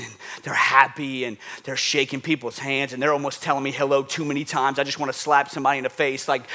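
A man preaching a sermon, telling animated stories and repeating phrases for emphasis. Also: a little high. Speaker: pastor.

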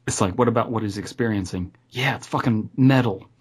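A man's voice: lowish voice, a little fast, husky. A man co-hosting a podcast, chatting casually, swearing and reading a horror story aloud. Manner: swearing, enthusiastic, dry asides. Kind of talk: casual chat and read-aloud.

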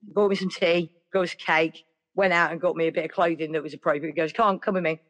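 A woman's voice: deep voice, steady tone, fast talker. A woman telling a personal story in a rambling, chatty way, full of "like" and "yeah". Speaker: podcast guest. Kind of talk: casual storytelling.

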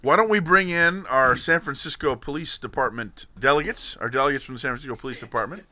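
A man's voice: medium pitch, fast talker, pushed and bright, a little hiss or hum. A man hosting a comedy podcast, playful and laughing often as he steers the chat. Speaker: podcast host.

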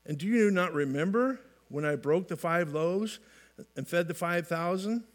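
Man with a high-set voice preaching a casual, folksy sermon with light humor. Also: moderate pace. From California. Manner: folksy, repeats and restarts phrases, light humor. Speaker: pastor.

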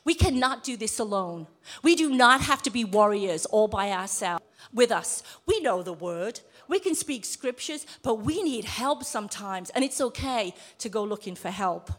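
A middle-aged woman preaching a sermon in a church room, lively and emphatic as she quotes scripture. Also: on the high side, normal speed. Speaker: lay preacher.

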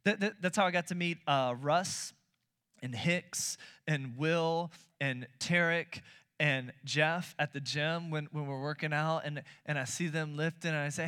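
A man in his thirties preaching a sermon as pastor, telling stories animatedly, acting out his own quotes and repeating words when excited. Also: fairly high pitch, a little slow, smooth. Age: 30s.

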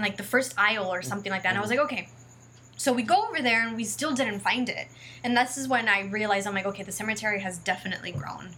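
A woman's voice: medium pitch, pushed and bright. A woman telling a personal story in a casual, rambling way, full of fillers and acted-out quotes, and close to tears.

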